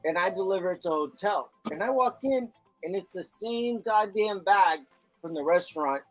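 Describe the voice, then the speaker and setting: A high-pitched man tells animated stories in a relaxed chat about his job as a delivery driver. His voice is dry and close, and faint music plays behind him. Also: moderate pace, no room sound, rough recording. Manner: animated storytelling, frequent swearing. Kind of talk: casual chat.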